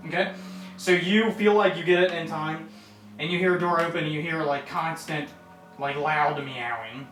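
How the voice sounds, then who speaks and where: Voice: medium pitch, steady tone, fairly quick, a bit bright. A game master narrating a tabletop session in a loose, chatty way, full of fillers. The voice sits in a mid register and sounds distant in a roomy space, with faint music underneath. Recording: echoey room from far off, faint music.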